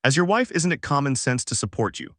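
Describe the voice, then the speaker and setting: A dignified elf woman pleading through tears, with the lines read aloud by a man in a steady, plain voice. The delivery stays even and unhurried, at a middling pitch. The recording is dry and close, with no room sound. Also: dry recording, lightly acted. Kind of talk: storybook dialogue reading.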